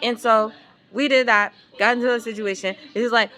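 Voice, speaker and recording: A woman's voice: on the high side, moderate pace. A mother vlogging a casual storytime, exasperated and swearing freely as she tells it. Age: adult parent. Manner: exasperated, profane, animated storytelling.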